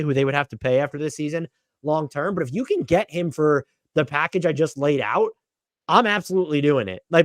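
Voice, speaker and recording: Man, young adult, podcast co-host, opinionated, slightly high voice, dry close sound. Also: dry recording. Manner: opinionated, thinks aloud with restarts. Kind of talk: casual basketball podcast chat.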